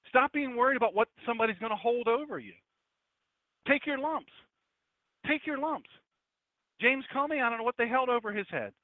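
A high-pitched man in his fifties delivers a fiery sermon from the pulpit, driving his points home by repeating them. The sound is tinny and phone-like, and completely dry. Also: no room sound. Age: 50s. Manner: emphatic, repeats phrases for punch. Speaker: pastor.

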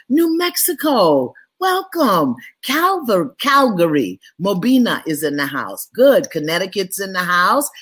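Woman, spiritual teacher, live video stream, affectionate drawn-out greetings, somewhat low voice. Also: fairly bright tone, breathy edge. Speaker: spiritual teacher hosting a monthly online gathering. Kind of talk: livestream welcome and spiritual talk.

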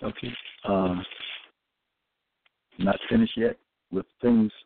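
A low-pitched man with a gravelly edge preaches slowly, his pitch leaping widely as he stresses scripture quotes. He stumbles through fillers and restarts. The sound is tinny and dry, like a phone line. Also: huge pitch swings, a little hiss or hum. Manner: halting, with many fillers and restarts; emphatic, drawn-out scripture quoting. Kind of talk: religious teaching talk.

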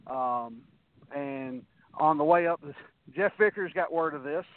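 A man's voice: a little high, sing-song, a little slow, gravelly, dry recording. Rambling man on a tinny, dry line. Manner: rambling anecdotes with many restarts and acted-out quotes. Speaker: guest, wrestler. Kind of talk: casual storytelling interview. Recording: tinny phone-like, dry sound.

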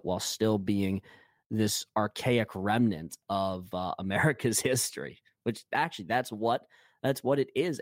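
A man's voice: fairly low pitch, darkish tone, no echo, clean studio sound. A man co-hosting a podcast in casual hockey chat, rambling with many fillers and restarts. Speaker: podcast co-host.

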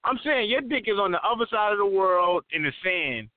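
A man's voice: sits high, animated, fairly quick, no echo. A man co-hosting a casual chat show, joking and swearing as he rambles. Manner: profane, joking, loose rambling. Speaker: co-host. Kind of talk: casual podcast banter. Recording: dry phone-like line.

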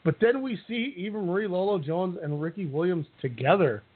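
A man's voice: high voice, animated, a little fast. A man co-hosting a podcast, recapping a reality show in a joking, rambling way. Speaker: podcast co-host. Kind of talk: casual recap chat. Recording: tinny phone-like sound.

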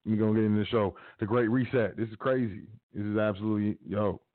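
A man's voice: lowish voice, fairly even intonation, fast talker, dry recording. A man hosting a podcast, mixing read-out news with emphatic casual commentary and slang, talking straight to his listeners. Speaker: podcast host. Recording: dry, phone-like narrow sound with faint music.

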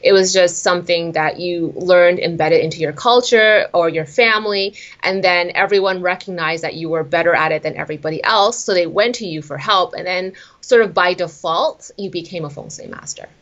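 A chatty woman with a somewhat low voice, talking casually as an interview guest. She laughs easily and fills her speech with ums and you-knows. The sound is dull and lo-fi. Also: normal speed, few pauses. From southern Taiwan. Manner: chatty, laughs often, many fillers. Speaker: author and guest.

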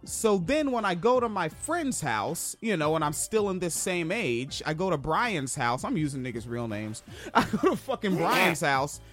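A man from Washington State hosting a podcast, telling stories in a profane, animated way. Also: moderate pace, faint music behind. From Washington State, USA. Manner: profane, animated, swings pitch for emphasis. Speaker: podcast host. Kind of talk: casual storytelling chat.

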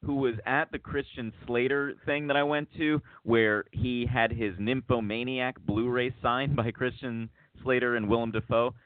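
In a casual storytelling chat, a podcast host rambles through a story with many restarts, acting out quotes. His mid-range voice is flat, at a moderate pace with few pauses. The recording sounds tinny and phone-like, dry with no room sound.

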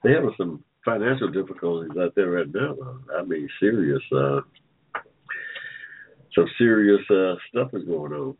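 A man's voice: low-pitched, expressive, moderate pace, breathy edge. An older man hosting an online talk show, chatting casually and joking with listeners, rambling and repeating himself. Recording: phone-like line.

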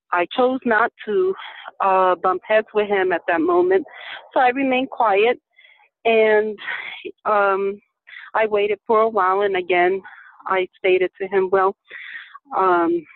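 A caller on a call-in show telling a personal story in a calm, gentle, spiritual way, with many pauses and fillers. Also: mid-range voice, vocal fry, no room sound. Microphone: telephone. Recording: tinny phone line, dry.

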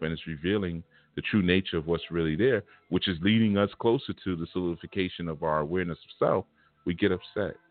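A man's voice: sits low, no room sound. A man giving a spiritual lecture in a casual, emphatic, vernacular preaching manner. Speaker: spiritual teacher. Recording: tinny phone-like line with faint music.

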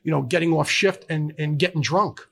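A middle-aged man speaks as a guest at a live conference podcast. His voice sits a little high and has a gravelly edge, and he talks earnestly, stopping and restarting his sentences as he goes. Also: fairly bright tone. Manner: earnest, halting with many restarts. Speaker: guest, fire service counselor. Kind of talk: candid conversational interview.

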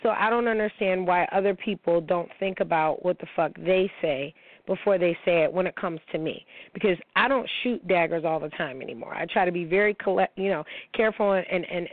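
A woman's voice: lowish voice, a little fast, dry recording. A woman hosting a personal talk show, telling her story in a candid, profane monologue full of fillers. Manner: frank and profane, many fillers. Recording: tinny phone-like sound, dry.

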